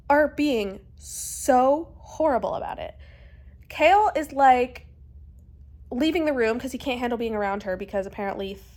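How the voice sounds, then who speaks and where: A young woman chatting casually in a reading vlog, animated and exasperated, with lots of "like" fillers. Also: fairly high pitch. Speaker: book vlogger.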